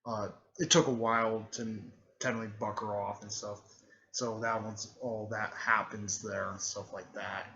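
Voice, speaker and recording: A man recapping a fan story casually, halting, with many fillers, restarts and throat clearing. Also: lowish voice, little pitch movement, sharp tone, highs cut off.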